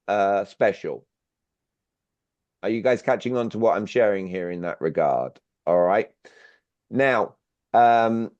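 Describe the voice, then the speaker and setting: A British clarity coach leads an interactive online workshop, engaging his audience by asking them questions constantly. His medium-pitched voice is a little mellow, and the video call audio is dry and slightly dull, with no room sound.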